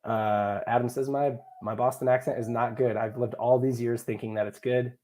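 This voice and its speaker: This livestream host is a young man whose mid-range voice has a darkish tone and fairly even intonation at a normal pace. Running a live draft stream, he chats casually, reads viewer comments, and trades jokes with chat and co-hosts.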